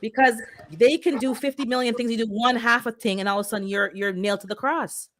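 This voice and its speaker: A woman's voice: a little high, fairly even intonation, fast talker, fairly bright tone. A woman in casual chat, speaking emphatically and with exasperation, repeating words for force. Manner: emphatic, exasperated ranting with repetition.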